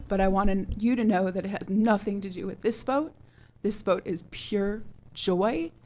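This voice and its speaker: A woman school board member speaking candidly and quickly at a public meeting. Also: mid-range voice, dark tone.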